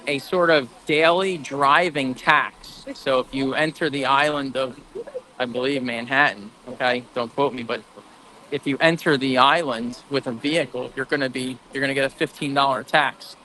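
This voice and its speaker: A man's voice: mid-range voice, fairly even intonation, normal speed, pushed and bright, slight background noise, poor audio. An American man giving a live report while walking a city street at night, rambling and hedging as he goes. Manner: rambling, hedging, chuckling as he talks.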